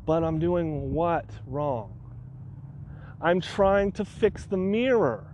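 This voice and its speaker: A man with a fairly high voice hosts a solo podcast. He tells a personal story with lively energy and acts out his own frantic rants. A faint hum sits under the recording. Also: slow, lo-fi sound. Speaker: podcast host.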